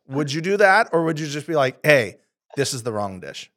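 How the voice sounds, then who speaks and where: A man's voice: on the high side, big pitch swings, moderate pace, a bit bright. A man co-hosting a podcast, playful, acting out silly scenarios while asking questions. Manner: playful, acts out scenarios in mock voices. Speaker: podcast co-host. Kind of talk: casual podcast interview.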